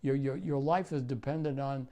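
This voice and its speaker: A war veteran in his nineties recounts his story for an oral history interview, swearing and halting, restarting his sentences many times. His voice is mellow and medium in pitch.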